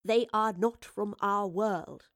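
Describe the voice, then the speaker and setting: A troubled female scholar thinks aloud in an earnest, measured voice, as a woman reads her part. She sounds reflective and weighed down. The audiobook recording is dry and close. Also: medium pitch, fairly even intonation, fairly bright tone, no room sound. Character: thoughtful, troubled female time-traveling scholar.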